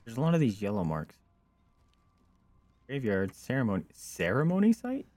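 A man's voice: medium pitch, huge pitch swings, moderate pace, darkish tone, dry recording. A man streaming a horror game, giving casual commentary full of jokes, swearing and mock bravery.

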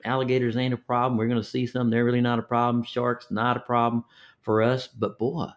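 A Texas fishing guide, older and with a Texan accent, tells his stories at a fairly quick clip in a medium-pitched voice with flat delivery. The interview is folksy, full of repeated words and acted-out quoted voices.

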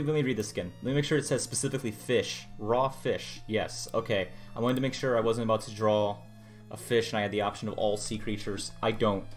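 A young man streamer chatting casually while he draws, rambling and muttering to himself about his work. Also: on the low side. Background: music playing.

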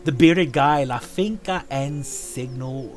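A man hosting a casual show, chatting playfully as he reviews event items, with quick asides. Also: mid-range voice, faint music behind. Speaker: show host.

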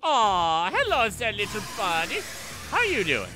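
A young man giving loud, excitable let's-play commentary, yelling at enemies and cracking sarcastic quips. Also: high-pitched, measured pace, soft background music. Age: young adult. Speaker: gameplay streamer.

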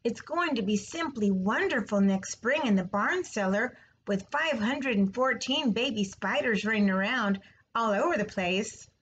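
A woman's voice: on the high side, animated, measured pace, lo-fi sound, a little hiss or hum. A woman voicing an innocent, eager young male pig in a storybook read-aloud, asking earnest questions. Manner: wide-eyed, earnest questions.

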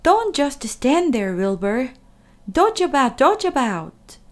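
A woman putting on a high, bossy goose. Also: big pitch swings, exaggerated voice. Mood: urgent. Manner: shouting rapid repeated orders. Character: bossy shrill mother goose, excitable. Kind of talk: storybook reading.

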